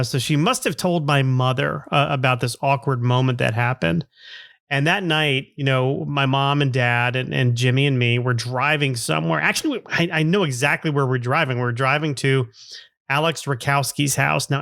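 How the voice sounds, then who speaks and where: A man's voice: mid-range voice, gravelly, fairly bright tone, dry recording, studio quality. A middle-aged man hosting a podcast, telling a story from his childhood in a chatty way with frequent chuckles and fillers. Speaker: podcast host. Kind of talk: casual storytelling monologue.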